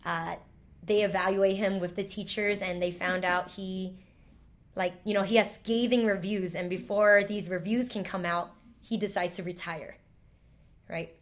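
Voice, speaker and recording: A woman's voice: mid-range voice, fairly even intonation, measured pace. A woman, a former teacher, telling a heartfelt personal story in an interview, emotional and full of "like" fillers.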